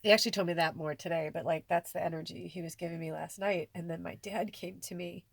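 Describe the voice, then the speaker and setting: A woman's voice: fairly low pitch, fairly even intonation, fast, gravelly, dry recording. A woman talking tearfully and rambling in a personal vlog, filling her speech with many "like"s. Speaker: spiritual vlogger.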